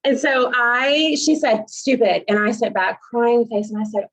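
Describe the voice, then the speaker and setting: A woman's voice: fairly high pitch, unhurried, few pauses, a bit bright, dull audio. A woman who works as a realtor and posts online, chatting casually and acting out the dialogue in her stories. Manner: chatty storyteller who acts out quoted dialogue. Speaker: realtor and social media creator. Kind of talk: casual chat.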